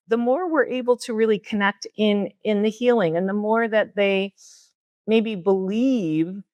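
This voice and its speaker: A woman's voice: dry recording, studio quality. A middle-aged woman who hosts a spiritual talk show, telling a story casually and acting out the voices in it. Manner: animated, acts out quoted dialogue with big jumps in pitch. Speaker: spiritual teacher and podcast host.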